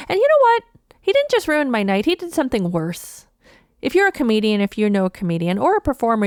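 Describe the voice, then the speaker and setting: A woman from Toronto, a comedian telling a story on her podcast in an animated, indignant and profane way. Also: medium pitch, no echo, clean studio sound. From Toronto, Canada. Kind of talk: storytelling monologue.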